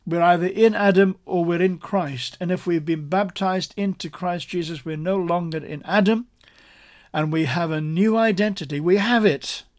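A man's voice: sits high, normal speed. A man preaching a sermon, explaining a passage point by point in an earnest, emphatic way that repeats key phrases. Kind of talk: sermon teaching.

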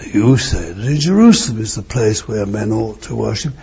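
A man's voice: on the low side, lively intonation, moderate pace, creaky, darkish tone, breathy edge, lo-fi sound, exaggerated voice. A man voicing a defensive Samaritan woman who stumbles as she justifies herself, inside a sermon.

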